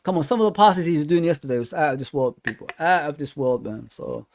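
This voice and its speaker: Chatty football fan hosting a live stream. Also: male voice, a little high, quick pace, creaky, a little mellow. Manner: casual and chatty, with many fillers and repeats. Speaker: fan channel host.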